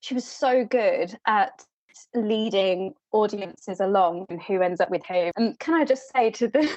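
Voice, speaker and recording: A woman hosting a podcast in casual chat, laughing often and slipping into quick voices for characters. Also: on the high side, a little mellow, no echo, muffled recording. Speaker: podcast host.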